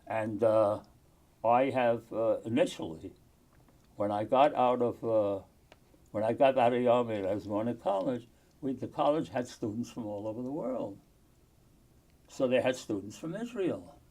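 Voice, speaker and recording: An older man from the United States recalls his experiences in an oral history interview. He speaks earnestly and haltingly, often pausing and restarting. His voice is warm and mellow, at an ordinary pitch.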